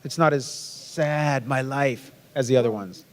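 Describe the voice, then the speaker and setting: A man's voice: mid-range voice, a little slow. Joking man in a big echoing hall. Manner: joking, playful asides. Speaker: convention panel guest. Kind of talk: casual panel Q&A. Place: large convention hall. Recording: long hall reverb.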